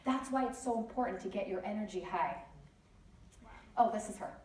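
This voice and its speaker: A woman's voice: mid-range voice, normal speed. Woman telling stories in an echoey hall. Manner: lively, chatty storytelling with frequent asides. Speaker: conference speaker. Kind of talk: motivational storytelling talk. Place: large conference hall. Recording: echoey hall, distant mic, faint noise.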